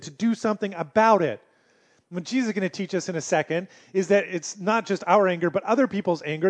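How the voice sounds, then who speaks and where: A man preaching a sermon as pastor, earnest, moving between emphatic passages and hushed ones. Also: sits high.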